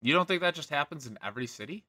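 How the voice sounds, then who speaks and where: A man from Ohio co-hosting a comedy podcast, chiming in with a dry, laid-back, deadpan manner. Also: fairly high pitch, rapid-fire, no echo. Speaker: podcast co-host. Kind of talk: casual comedic chat.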